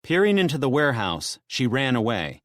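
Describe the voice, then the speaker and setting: Lively male audiobook narrator, dry sound. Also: a little slow, no room sound. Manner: tense storytelling, drops low and soft in grim moments.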